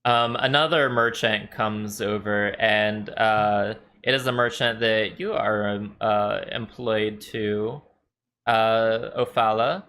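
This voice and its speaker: Bright-voiced man narrating as game master. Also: lowish voice, fairly even intonation, slow pace, slight background noise. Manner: loose, rambling narration with many fillers.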